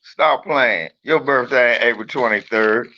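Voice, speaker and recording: A man's voice: medium pitch, a little slow, pushed and bright, dull audio. A man chatting on a livestream in a brash, profane, joking way and teasing his viewers. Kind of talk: casual livestream chat.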